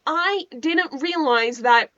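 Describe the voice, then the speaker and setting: A woman's voice: high-pitched, animated, slow pace, sharp tone, no room sound, lo-fi sound. A young woman rambling casually over a video game, often restarting her sentences, laughing and swearing as she talks. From Netherlands. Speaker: gaming YouTuber.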